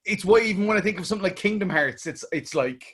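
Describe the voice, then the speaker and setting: A man's voice: high-pitched, expressive, quick pace, a bit bright, husky. A man hosting a casual interview, reacting enthusiastically to his guest. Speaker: interview host.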